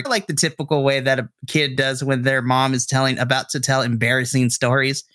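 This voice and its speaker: Man, game master, casual animated narration, dry close sound. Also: mid-range voice, fairly quick, few pauses, dry recording.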